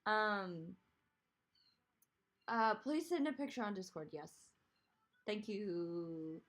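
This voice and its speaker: Woman streamer just chatting, rambly and loose, average pitch. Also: takes it slowly, long pauses, a bit bright. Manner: chatty, rambling, reads and answers chat comments. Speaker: streamer host. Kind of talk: casual chat on a live stream.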